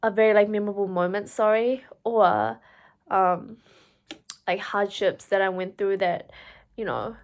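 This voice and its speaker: With a medium-pitched voice and a slightly slow delivery, a young woman vlogger recounts a personal story to camera. Her talk is chatty, full of fillers and "like," and animated when she quotes herself.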